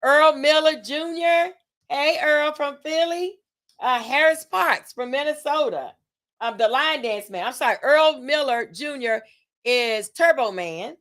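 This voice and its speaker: A woman's voice: sits high, a little slow, fairly bright tone. A woman from Tampa, Florida, hosting a casual livestream, chatting to her audience, reading out event details with fillers and self-corrections, and hyping the crowd with call-and-response. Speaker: host and event organizer.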